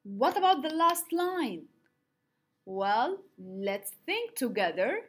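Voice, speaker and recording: A woman teacher slowly counting syllables for young pupils, with clear emphatic clapping and counting. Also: high-pitched. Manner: slow, clapping out syllables, lively sing-song.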